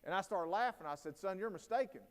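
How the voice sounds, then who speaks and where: A man in his forties speaks at a teacher training day, his voice pitched high for a man. He tells family stories and acts out the quotes with animation. His words ring out with a long reverb in a large hall. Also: animated, fast. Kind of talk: conference talk to educators.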